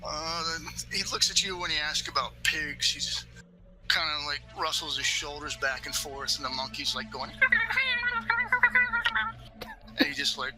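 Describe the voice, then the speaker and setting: A man narrating as game master of a tabletop game, in slow, loose narration with many fillers. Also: on the high side, steady tone, rough recording. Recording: faint background music.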